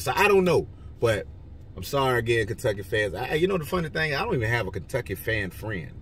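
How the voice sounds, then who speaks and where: A man's voice: a little fast, distant mic, slight background noise. Rambling man talking from his car. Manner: rambling, joking, lively swings in pitch and loudness. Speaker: vlogger giving football picks. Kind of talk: casual picks monologue.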